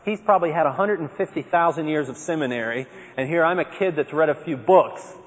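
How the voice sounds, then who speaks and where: A man giving a personal testimony talk to an audience, telling his story in a lively way and acting out his own remembered words. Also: a little high, a little fast. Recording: dull, echoey hall recording.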